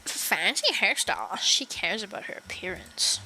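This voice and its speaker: A woman reading the lines of a calm, observant hotel clerk in a low, deliberate way. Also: a little hiss or hum, exaggerated voice, poor audio. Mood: musing.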